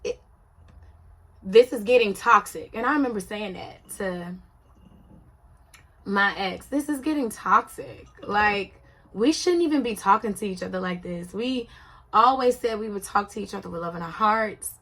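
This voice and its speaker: A woman's voice: mid-range voice, moderate pace, a bit bright. A woman casually commenting on a reality show, talking in an emphatic, conversational way and often checking whether the listener follows. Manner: conversational, emphatic, often asks "you see what I'm saying".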